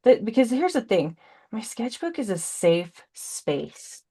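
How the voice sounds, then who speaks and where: A woman's voice: a little high, very animated, slow, mellow, breathy edge. A woman in her forties chatting through a live painting demo on a video call. She talks chattily and rambles, tossing in punny asides. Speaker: brand ambassador demonstrating paints.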